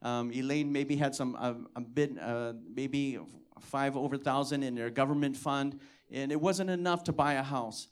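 A pastor preaches to his church, sharing a personal testimony, acting out its dialogue, and repeatedly calling out "come on." His mid-range voice is clean and steady, delivered at a moderate pace.

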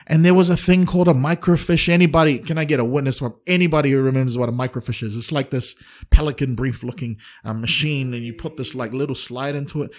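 A man's voice: mid-range voice, fast talker. A middle-aged man preaching to an online congregation in a conversational way, asking the audience questions. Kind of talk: sermon. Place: online service with a chat.

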